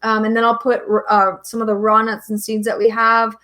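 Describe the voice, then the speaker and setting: A woman's voice: on the high side, monotone, fairly quick, bright, forceful tone. A woman doctor giving health advice in a casual, conversational way, with frequent ums and restarts. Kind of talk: casual explanatory talk.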